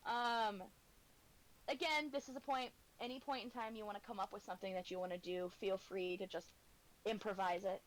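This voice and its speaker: A woman's voice: mid-range voice, fairly even intonation, a little fast, low-quality recording. A woman narrating a tabletop game as game master, hesitant and giggly with many fillers.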